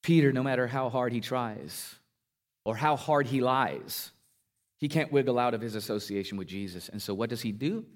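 A man preaching a sermon, retelling a scripture passage with his pitch climbing for emphasis and dropping low on key lines. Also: normal speed. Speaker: pastor.

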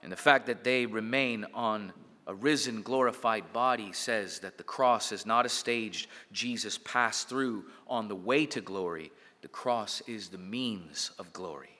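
A man preaching a sermon in a church sanctuary, his bright, forceful tone carried by the long reverb of a big hall. He speaks slowly and deliberately, swelling on key words and dropping low on others. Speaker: pastor.

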